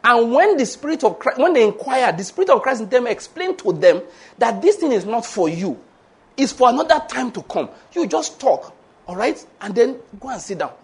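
A man's voice: extremely high pitch, big pitch swings, moderate pace, breathy edge. A man preaching a sermon, laughing often and acting out the voices of the people he quotes.

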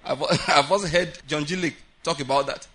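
A man preaching a sermon at a prayer meeting, animated, often laughing and acting out the voices he quotes. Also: fairly high pitch, moderate pace, a little hiss or hum.

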